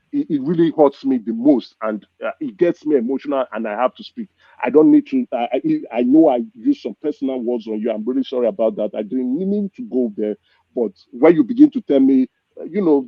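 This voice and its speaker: A man's voice: mid-range voice, dry recording. Passionate Nigerian man on a dry, muffled line. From Southeast Nigeria. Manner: passionate, hesitant with many restarts. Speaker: panel guest. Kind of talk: impassioned political commentary.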